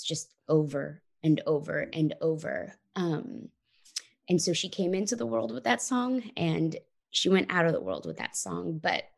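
Woman, 30s, interview guest; earnest reflective storyteller, low voice with vocal fry. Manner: earnest, reflective, frequent "like" and "you know".

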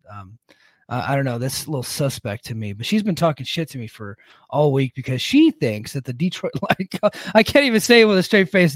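A man co-hosts a podcast in a fairly high voice, rambling and joking and laughing as he goes. The recording is dry and close. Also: no echo. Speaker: podcast co-host. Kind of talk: casual chat.

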